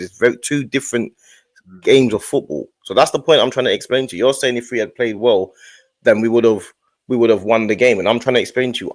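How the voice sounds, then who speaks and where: Young bloke, football debate host, rapid insistent delivery, dry mic. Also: male voice, medium pitch, no echo. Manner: insistent, repeats his point, interrupts.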